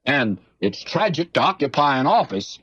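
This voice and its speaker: A man's voice: medium pitch, big pitch swings, moderate pace, a bit bright, breathy edge, no room sound, muffled recording. An older man teaching the Bible in a folksy, emphatic way, like an old radio preacher.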